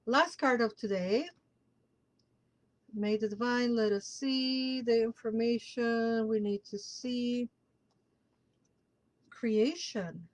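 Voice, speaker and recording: A woman's voice: on the high side, steady tone, slow pace, pauses often, rough recording. A woman hosting a casual live tarot reading, emphatic and emotional, repeating key words for stress and laughing between lines. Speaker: tarot reader and show host.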